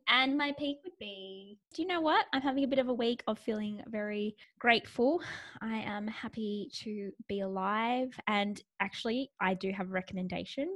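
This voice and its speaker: A woman's voice: fairly high pitch, a bit bright, dry recording, clean studio sound. Chatty woman, laughing storyteller. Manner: chatty, self-mocking, laughs often. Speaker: podcast co-host. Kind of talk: casual chat.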